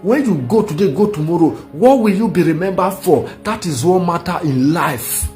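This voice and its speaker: A man's voice: sits high, animated, moderate pace, a little mellow, faint music behind. Defiant Nigerian Pidgin man scolding. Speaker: protester. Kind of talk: political rant.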